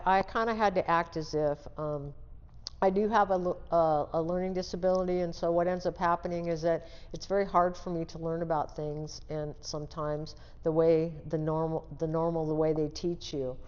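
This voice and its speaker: A woman's voice: lowish voice, fairly even intonation, moderate pace, a little mellow, clear, resonant tone, in a large hall, dull audio. An older woman, an interview guest, telling her life story and acting out the dialogue in it as she talks. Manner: vivid storyteller who acts out quoted dialogue; restarts and trails off mid-sentence.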